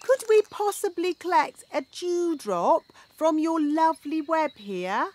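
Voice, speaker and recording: A bossy fairy nanny. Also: female voice, extremely high pitch, sing-song, a little slow, a little mellow, no room sound, full character voice. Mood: instructive. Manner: bossy, lecturing, rudely frank. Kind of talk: cartoon voice acting.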